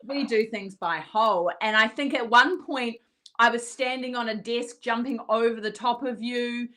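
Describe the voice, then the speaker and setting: Bright-voiced chatty woman podcast host. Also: a little high, normal speed, a little hiss or hum. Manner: chatty, many ums, reads viewer comments aloud. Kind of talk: casual chat on a live-streamed podcast.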